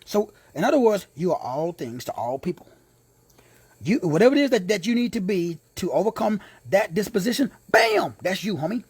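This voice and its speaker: The husky, fairly high voice of a male Bible teacher rises and falls a lot as he delivers an emphatic teaching sermon, very animated and fairly quick, with repeated key words and casual street asides. His tone is warm, and the close, dry recording carries no room sound.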